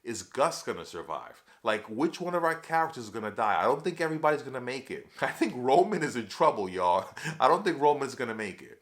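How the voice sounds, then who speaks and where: Male TV recap host, mid-pitched, excitable and chatty, talks straight to the viewers as y'all. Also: brisk, few pauses. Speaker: TV episode reviewer. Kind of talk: casual recap chat.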